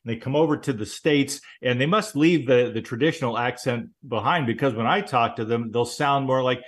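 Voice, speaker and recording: A man's voice: mid-range voice, a little fast. Upbeat male talk host, jokey, easy chat, laughs a lot. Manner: jovial, joking, laughs often. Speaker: radio show host. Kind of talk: casual interview chat.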